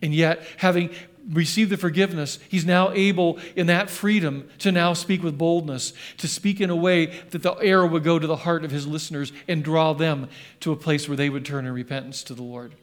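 A middle-aged man, a pastor, preaching a sermon in an animated way, acting out scripture voices. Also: fairly high pitch, brisk. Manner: animated, acts out scripture voices, sings along.

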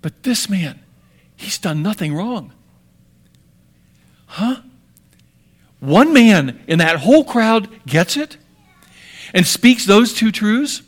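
A man preaching a sermon with dramatic swings between hushed and emphatic delivery. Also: high-pitched, expressive, slow pace, long pauses.

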